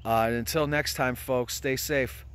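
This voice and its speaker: A man's voice: mid-range voice, steady tone, measured pace, fairly bright tone, smooth. A man from the United States vlogging in casual chat, talking loosely and swearing, with many fillers. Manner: casual, profane, many fillers like "you know".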